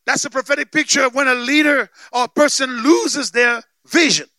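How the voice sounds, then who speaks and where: A man preaching a sermon with emphatic call-and-response, often shouting for emphasis. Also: extremely high pitch, a little fast, no room sound. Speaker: pastor.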